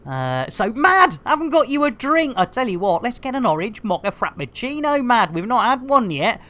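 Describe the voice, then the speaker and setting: A woman's voice: on the high side, sing-song, normal speed, a bit bright. A woman streaming a game, bantering with her chat in a jokey, bubbly way, full of silly rhyming catchphrases and cheeky innuendo.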